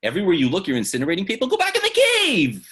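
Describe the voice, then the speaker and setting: A man voicing a stern heavenly voice that scolds in anger, booming and climbing to a high cry. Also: wildly swooping pitch, fast talker, fairly bright tone. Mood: angry rebuke.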